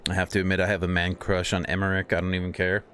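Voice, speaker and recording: A man's voice: deep voice, monotone, fast, fairly bright tone, slight background noise. Rambling, swearing male game streamer. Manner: rambling, profane, stumbling restarts. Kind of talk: casual gameplay chat.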